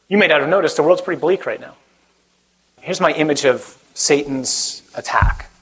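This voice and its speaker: A priest giving a conversational sermon to a live audience, with self-deprecating humor. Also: male voice, medium pitch, husky, low-quality recording. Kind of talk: sermon to a young adult group.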